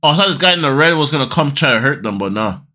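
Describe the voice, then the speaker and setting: A woman hosting a casual reaction video. She is excitable and loud, repeats phrases over and over, and swears freely. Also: low voice, racing.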